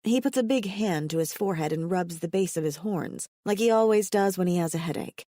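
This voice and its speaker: Woman audiobook narrator, first-person romance, intimate measured read, dry close sound. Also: fairly low pitch, dark tone, no room sound.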